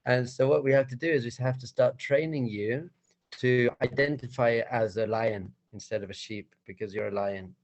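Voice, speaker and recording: A rabbi tells a story to his group in an animated, playful way. His voice has a gravelly, creaky texture at an ordinary middle pitch. He moves easily between narrating and teaching. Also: normal speed, a little hiss or hum, poor audio.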